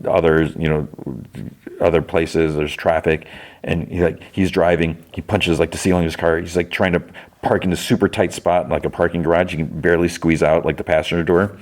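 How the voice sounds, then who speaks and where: A man with a very low, deep voice hosts a podcast and walks through a TV episode scene by scene. He talks loosely, stringing the story together with "he's like" and "she's like," and pops his voice up a little to act out the dialogue. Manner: retells scenes with lots of "he's like", briefly acting out lines in a raised voice. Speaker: podcast host. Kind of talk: casual recap of a TV episode.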